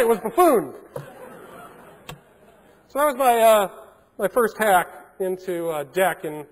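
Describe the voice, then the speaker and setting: A man with a high voice tells stories from a conference stage, animated and prone to stumbling restarts. His words ring out with a long reverb tail through a large hall. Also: slow, long pauses. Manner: animated, acts out phone calls in changed voices, frequent restarts. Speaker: keynote speaker. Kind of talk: storytelling keynote talk.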